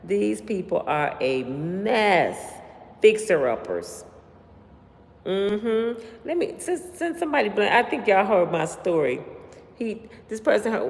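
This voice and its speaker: A woman's voice: mid-range voice, creaky. Casual woman livestreamer in a reverberant room. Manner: animated, talks straight to viewers, slangy. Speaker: livestream host. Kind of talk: casual storytelling to live viewers. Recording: long room reverb, faint background noise.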